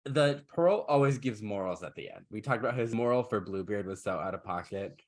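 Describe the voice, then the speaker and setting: A man's voice: lowish voice, animated, brisk. A man, a podcast host, retelling a fairytale in a casual, irreverent and joking way. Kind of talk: casual chat, comic retelling.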